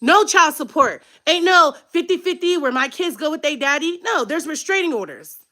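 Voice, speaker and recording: Woman vlogger, 30s, very high bright voice, emotional shouting rant. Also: animated, moderate pace. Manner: angry, tearful, shouting at times.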